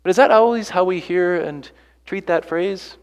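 A man's voice: high-pitched, normal speed, big-room sound. A man preaching a sermon earnestly, pressing his listeners with rhetorical questions and repeated phrases. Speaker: pastor.

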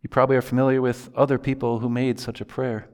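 A man's voice: medium pitch, flat delivery, fast talker. A male pastor preaching a sermon in an earnest manner, quoting prayers from scripture.

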